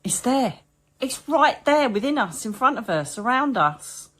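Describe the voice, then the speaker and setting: A woman's voice: fairly high pitch, unhurried, breathy edge. Chatty British woman psychic medium. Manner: chatty, animated, colloquial storytelling. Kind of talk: casual storytelling to viewers.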